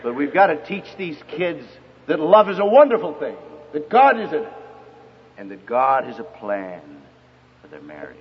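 Older guy preaching, husky, swoops up and down a lot, big echoey hall, lo-fi. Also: fairly high pitch, very animated, moderate pace, slight background noise. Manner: storytelling with quoted dialogue, emphatic. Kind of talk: sermon. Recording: dull lo-fi recording with long hall reverb.

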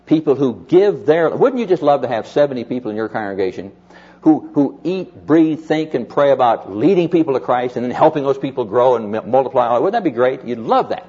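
A man's voice: brisk, slightly rough. A man preaching a sermon, telling stories of people he counselled and quoting them as he goes. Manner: animated storyteller, quotes others in lowered voice. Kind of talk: sermon with storytelling. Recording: dull lo-fi sermon recording.

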